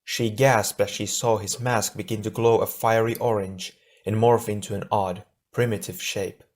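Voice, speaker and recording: A man narrating an adventure audiobook in a steady, measured storytelling voice. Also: lowish voice. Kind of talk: scripted narration.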